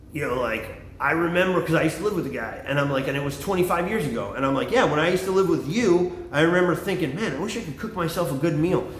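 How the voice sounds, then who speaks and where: A middle-aged man rambling in a profane, excitable vlog monologue, jumping from topic to topic. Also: fairly high pitch, roomy sound, slight background noise. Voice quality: extroverted and excitable. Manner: animated, swearing, jumps between topics. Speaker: vlogger.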